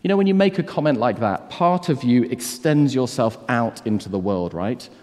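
A man preaches with earnest emphasis, pressing his listeners with rhetorical questions. His voice sits at an ordinary middle pitch. It carries a long reverb from a large church. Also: lively intonation, moderate pace, a little mellow. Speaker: pastor. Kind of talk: sermon.

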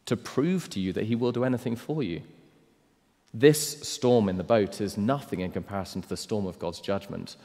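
A man with a low-pitched voice preaching a sermon, emphatic, rising to loud declarations and then dropping to near-hushed appeals. His voice rings out with a long reverb tail, as in a large hall.

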